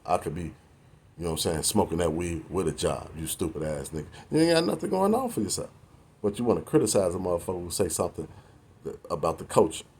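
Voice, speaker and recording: A man's voice: low voice, big pitch swings, fast talker, darkish tone, breathy edge. A man in his forties delivering a preachy, confrontational rant to the camera, full of slang and cursing. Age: 40s. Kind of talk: profane street-talk rant to the camera.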